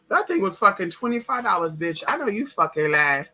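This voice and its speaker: A woman's voice: lowish voice, big pitch swings, a little fast, sharp tone. A woman hosting a late-night livestream in casual, profane chat, calling her listeners girl and y'all. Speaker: livestream host.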